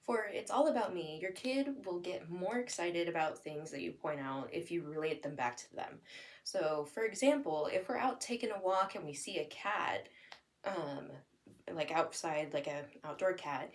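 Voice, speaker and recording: A young adult woman demonstrating listening and speech strategies for parents, explaining plainly and acting out lively sing-song examples as if talking to a child. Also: lowish voice, moderate pace, recorded from a distance, low-quality recording.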